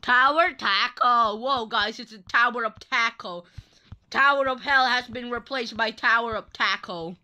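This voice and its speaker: Young woman chatting over a game, teasing, slow, kinda high bright voice. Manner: playful, teasing, laughing often. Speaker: gaming channel host. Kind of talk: Roblox gameplay commentary.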